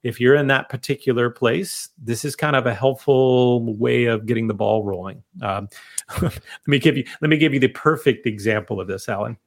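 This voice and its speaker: A middle-aged man co-hosting a casual tech chat, animated and thinking aloud as he types. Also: medium pitch, moderate pace. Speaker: co-host.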